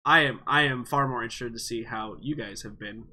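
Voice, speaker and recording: Nasal, bright-voiced male game master. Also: mid-range voice, brisk. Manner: chatty, upbeat, trailing off with fillers. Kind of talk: casual stream chat.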